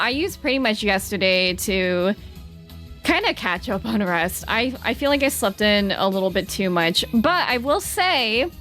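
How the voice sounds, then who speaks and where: Bubbly high-voiced Southern woman streamer. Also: fairly bright tone. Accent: Southern American. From American South. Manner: bubbly, chatty, dramatic pitch swings. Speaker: VTuber streamer reading chat. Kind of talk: casual live-stream chat.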